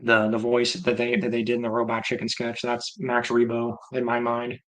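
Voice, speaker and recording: A man's voice: medium pitch, monotone, moderate pace, low-quality recording. A man hosting a livestream, chatting casually and rambling as he reacts aloud to viewer comments. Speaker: livestream host.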